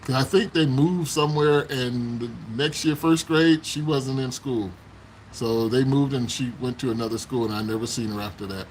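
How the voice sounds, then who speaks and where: Streaming live on his phone from home, a man reminisces about his childhood for his viewers, chatting casually and laughing a lot. He speaks at a moderate pace and medium pitch, and the low-quality recording picks up slight background noise.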